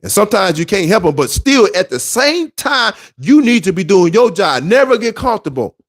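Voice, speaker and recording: Brief: high-voiced man, relationship-advice monologue, preachy, emphatic, lively swings. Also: moderate pace. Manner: emphatic, repetitive, street-preacher cadence.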